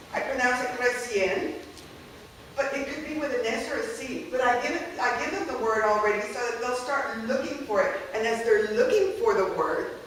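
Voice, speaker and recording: A woman's voice: a little high, slight background noise. Woman lecturing in an echoey room. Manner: explanatory, frequent checking okays, mixes in Spanish phrases. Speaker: university Spanish instructor giving a workshop talk. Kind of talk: workshop presentation. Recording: echoey room, speaker far from mic.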